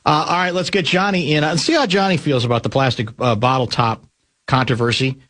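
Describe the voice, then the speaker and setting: A man's voice: mid-range voice, steady tone, a little fast, a bit bright. A man hosting sports talk radio in casual banter, blunt and sarcastic as he needles his guest. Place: radio studio.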